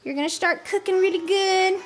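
A woman's voice: very high-pitched, moderate pace, soft background music. A young woman filming her family at home, chatting, laughing often and cheering her kids on, in a casual vlog on a handheld camera. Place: at home, indoors and outside. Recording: noisy home video.

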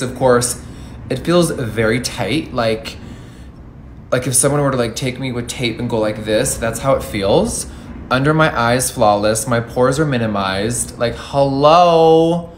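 A man's voice: mid-range voice, moderate pace, a little hiss or hum. A man in his thirties reviewing makeup in a casual vlog, campy, sassy and freely swearing. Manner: campy, sassy and profane, lively exclamations.

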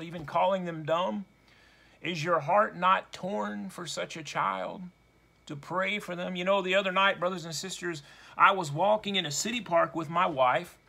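A male preacher with a high, ringing, bright voice delivers a sermon. He speaks slowly and deliberately, with dramatic stress on his points.

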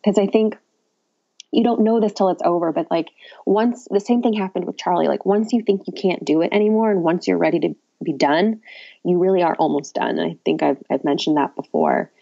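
A woman's voice: on the low side, animated, fairly quick, vocal fry, mellow. A woman casually telling a birth story as a podcast guest, candid and chatty with a wry, self-mocking humor. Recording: dull lo-fi audio.

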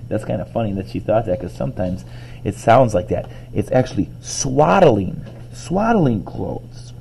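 Mellow-voiced male teacher reading aloud. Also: on the low side, fairly quick, a little hiss or hum, low-quality recording. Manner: chatty asides between reading. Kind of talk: reading a book aloud to students.

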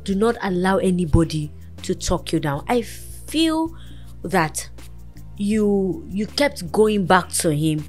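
A woman's voice: medium pitch, animated, takes it slowly, a little mellow, faint music behind. A woman hosting a talk show, earnestly counselling and encouraging a guest in a motherly, preaching way.

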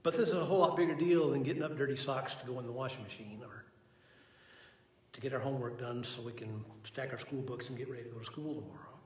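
A man gives a relaxed, earnest Bible lesson in a folksy, storytelling way. His mid-range voice sits far from the microphone. A long, roomy hall reverb trails each phrase. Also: medium pitch, fast talker. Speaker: Bible teacher.

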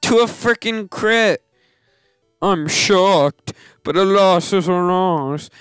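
Slow-talking smooth-voiced gaming man. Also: on the high side, fairly even intonation, no room sound, studio quality. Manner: melodramatic, grumbling and self-mocking. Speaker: let's play host. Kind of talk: casual gameplay commentary.

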